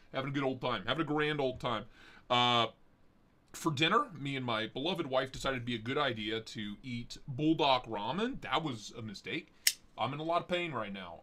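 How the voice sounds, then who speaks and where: A man's voice: fairly high pitch, a bit bright. A man hosting a casual live stream, rambling and joking with a profane edge. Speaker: livestream host.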